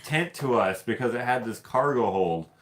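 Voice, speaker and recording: A man from Canada hosting a casual livestream, telling stories in an animated, laughing, loosely profane way. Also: medium pitch, normal speed, crowd noise. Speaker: host of live hangout stream.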